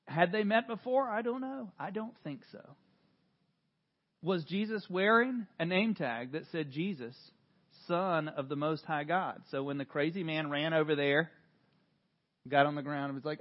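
A man preaching a sermon, retelling scripture with dramatic swings from hushed to loud, animated storytelling. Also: a little high, normal speed, dull audio. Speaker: pastor.

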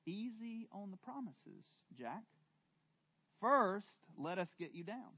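The patient voice of God, as a preacher puts it on, soft and steady, answering with quiet authority. He speaks low in level and unhurried. The recording sounds dull and lo-fi. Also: no room sound, heavily acted. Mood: calm. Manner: calm, quiet, gently firm.

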